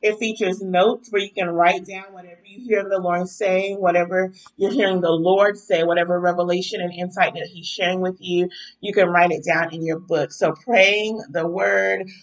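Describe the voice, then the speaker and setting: A woman's voice: lowish voice, steady tone, moderate pace, poor audio. A woman hosting her podcast livestream in a casual chatty way, sounding a bit stuffy-nosed and saying "y'all" often. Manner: chatty, warm-spoken with frequent um and y'all. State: stuffy nose. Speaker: podcast host.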